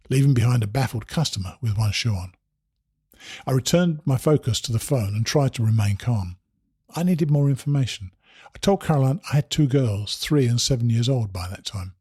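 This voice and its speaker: A man reading a first-person memoir aloud, in steady storytelling with wry asides. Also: medium pitch, a little fast, breathy edge, no echo, clean studio sound. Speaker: narrator.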